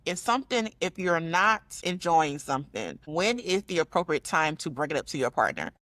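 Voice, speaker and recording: A woman's voice: deep voice, expressive, normal speed, a bit bright, no room sound. A woman hosting an interview, affirming her guest and adding her own reflections. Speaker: podcast host. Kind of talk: interview chat.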